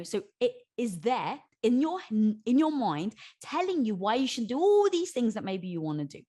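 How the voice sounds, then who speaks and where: A woman speaking as a podcast guest, bubbly and quick to laugh, moving from excited squeals to low, earnest explanation. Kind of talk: animated interview conversation.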